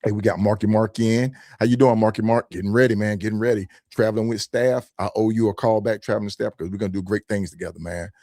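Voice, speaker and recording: A man's voice: on the low side, steady tone, quick pace, hardly any pauses, darkish tone, dry recording, studio quality. A man hosting a podcast, talking in an upbeat, casual way and calling out viewers by name. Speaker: podcast host.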